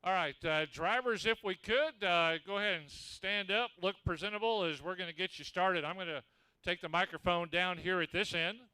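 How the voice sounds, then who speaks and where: A man's voice: sits high, moderate pace, pushed and bright, clean tone, no echo. A man announcing drivers at a race event on a handheld microphone, folksy and joking as he gives instructions.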